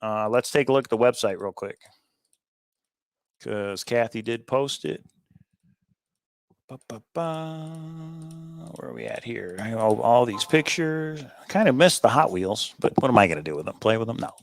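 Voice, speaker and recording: With a medium-pitched, creaky voice and lively intonation, a man co-hosts a laid-back livestream, and there's no room sound. He chats upbeat about his sales and viewer comments, full of quick asides and chuckles.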